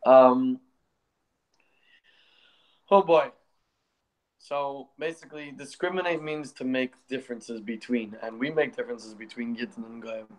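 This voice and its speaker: A man leading an online class discussion over a video call, briskly calling on each speaker in turn. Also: medium pitch, steady tone, poor audio. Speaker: class leader.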